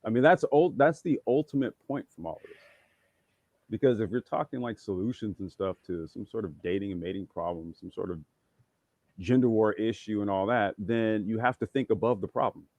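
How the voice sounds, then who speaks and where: A man's voice: lowish voice, fairly quick, darkish tone, dry recording. A man guesting on a casual livestream talk show, thinking aloud with many restarts and getting emphatic when pressed. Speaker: podcast guest.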